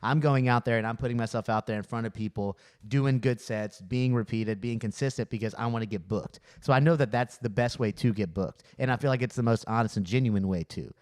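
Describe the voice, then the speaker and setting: A man with a Louisiana accent, hosting a comedy podcast and telling stories in a relaxed, chatty way. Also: mid-range voice, a little fast, hardly any pauses. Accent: Southern US (Louisiana). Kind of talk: casual podcast chat.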